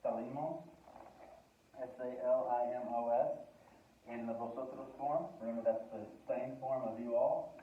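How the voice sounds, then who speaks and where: A man teaching verbs in a relaxed, chatty way, now and then spelling words out letter by letter. He sits back from the mic in a roomy, echoing space. The sound is thin and narrow, like a phone line. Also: mid-range voice, normal speed, slight background noise. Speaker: Spanish teacher. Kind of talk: casual video lesson. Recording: distant, echoey, phone-like sound.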